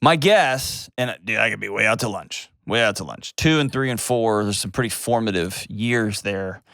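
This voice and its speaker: A man's voice: fairly low pitch, normal speed, a bit bright, dry recording, studio quality. A man hosting a call-in advice show, talking in a direct, reassuring way and cutting in to steer the conversation. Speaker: host.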